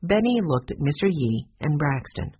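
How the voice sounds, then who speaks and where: A husky-voiced reader narrating a children's chapter book in an expressive way. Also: mid-range voice, moderate pace, dry recording, muffled recording. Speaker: storybook reader.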